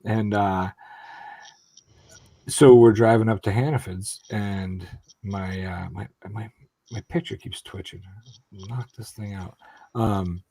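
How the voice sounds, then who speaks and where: A man's voice: lowish voice, fairly even intonation, slow, long pauses, dark tone, no room sound. A man on a video call chatting casually, rambling through a story with lots of fillers. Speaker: guest. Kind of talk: casual chat.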